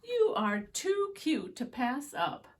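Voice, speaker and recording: A woman voicing a kind young girl who gently reassures a shelter puppy in a storybook read-aloud. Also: sits high, huge pitch swings, takes it slowly, slight background noise, pitched above the performer's own voice, full character voice. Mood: soothing.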